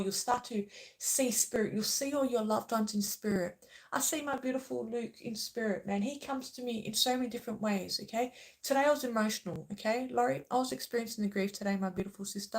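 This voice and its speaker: A woman hosting a spiritual channel, speaking earnestly and passionately to her viewers, often checking in with "okay?". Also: on the high side. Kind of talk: emotional spiritual talk to viewers.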